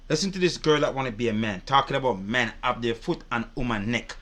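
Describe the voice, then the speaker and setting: A man's voice: medium pitch, quick pace, hardly any pauses, a bit bright. Ranting man reacting to a clip. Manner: indignant, profane, repetitive ranting. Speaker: reaction video host. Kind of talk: heated reaction commentary.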